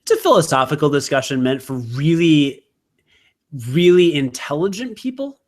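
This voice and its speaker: A man's voice: a little high, sing-song, normal speed. A man co-hosting a podcast, chatting casually in a rambling, self-mocking way with lots of fillers. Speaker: podcast co-host. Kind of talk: casual chat.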